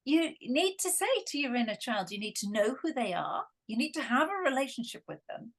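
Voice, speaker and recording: A woman's voice: a little high, very animated, brisk. A Scottish woman speaking as a coach in an interview, earnest and emphatic. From Scotland.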